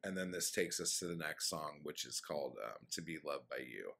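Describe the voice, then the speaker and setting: A man casually recapping his own dark story, rambling with many fillers and blunt swearing. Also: rumbling low, animated, normal speed, gravelly. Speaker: author summarizing his story.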